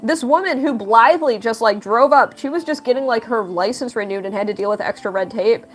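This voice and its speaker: A young woman hosting a casual livestream, reading chat aloud, laughing often and telling stories with lively quoted voices. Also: brisk. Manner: animated storytelling with big pitch jumps in quotes. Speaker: livestream host and artist.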